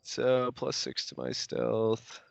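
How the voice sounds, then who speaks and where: A man playing a tabletop game, thinking aloud deliberately. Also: medium pitch, big pitch swings, gravelly, no room sound. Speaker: player. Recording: dull, dry lo-fi recording.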